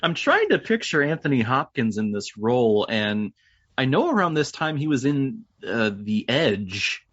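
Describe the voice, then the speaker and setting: Animated podcast guy, laughs a lot, pitch all over, dull lo-fi mic. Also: a little slow, no echo. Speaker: podcast co-host. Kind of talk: casual film discussion.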